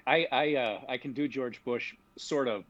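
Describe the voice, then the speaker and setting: A man's voice: medium pitch, a little slow, lo-fi sound. A man chatting as a player in an online tabletop game, tossing in wisecracks and dry asides. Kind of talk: casual tabletop game chat over an online call. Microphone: online call.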